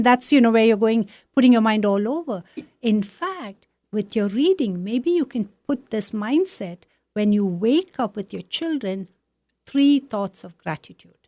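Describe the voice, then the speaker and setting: A woman from South India talks as a guest, warmly affirming and explaining meditation like a teacher. Her voice is recorded close and dry, with no room sound. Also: fairly high pitch, lively intonation, normal speed, no room sound. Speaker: Buddhist nun, guest. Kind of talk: conversational interview.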